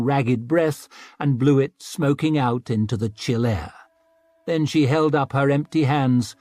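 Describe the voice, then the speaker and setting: A man with a mid-range voice narrates an audiobook, delivering scripted narration in a measured, even storytelling style. The recording is dry.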